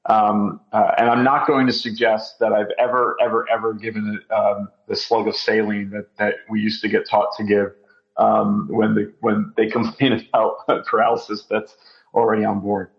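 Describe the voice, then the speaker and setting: A man's voice: fairly low pitch, little pitch movement, moderate pace, vocal fry, muffled recording. A man appearing as a physician guest on a podcast, explaining at length with many ums. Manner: explanatory, filler-heavy. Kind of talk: conversational interview.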